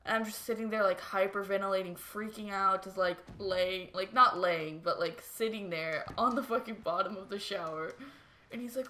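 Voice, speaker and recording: Bright-voiced young woman rambling a story. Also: mid-range voice, normal speed. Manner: rambling, filler-heavy, profane, animated retelling. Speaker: vlogger. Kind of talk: casual storytelling vlog. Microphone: new desk microphone. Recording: faint background noise and clicks.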